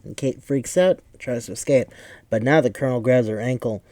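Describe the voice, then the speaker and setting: A man's voice: medium pitch, a little fast, a little mellow, dry recording. A man casually recapping a movie, rambling and swearing with lots of fillers. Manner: rambling, profane, full of fillers. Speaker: podcast host.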